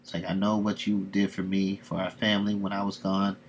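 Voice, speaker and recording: A man reading aloud, softly and plainly, the lines of an earnest young man comforting his brother. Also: low voice, completely flat delivery, brisk, slight background noise.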